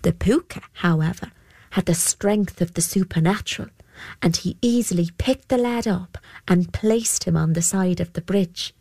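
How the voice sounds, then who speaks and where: A woman narrating an old folk tale in a measured storybook manner. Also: fairly low pitch, darkish tone, husky, dry recording.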